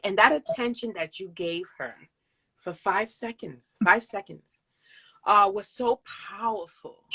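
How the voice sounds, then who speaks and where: A woman's voice: lowish voice, fairly bright tone, no echo, poor audio. A woman hosting a casual interview chat, effusive and emphatic, laughing often as she talks to her sister. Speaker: host.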